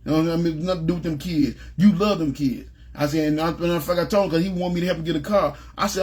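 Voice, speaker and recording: A man's voice: fairly high pitch, fast, few pauses, darkish tone, breathy edge. A middle-aged man giving an informal, plain-spoken Bible teaching, driving his points home with emphasis and asking his listeners again and again whether they follow him. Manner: emphatic, plain-spoken, repeats "you know what I'm saying". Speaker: preacher.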